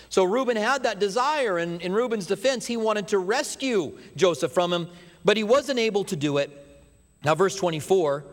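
Brief: male pastor, high voice, animated sermon, echoing church sanctuary. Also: fairly quick. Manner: animated storyteller, drops to hushed emphasis. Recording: long hall reverb.

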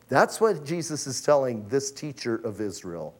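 A man preaching a lively, casual sermon full of slang and acted-out asides. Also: medium pitch, moderate pace, hardly any pauses, husky. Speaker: pastor.

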